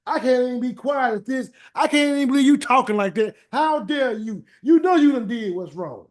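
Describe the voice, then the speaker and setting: Man playing a scolding male friend, high voice, blunt, slangy, accusing. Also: lively intonation, moderate pace. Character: scolding self-righteous male friend Eliphaz.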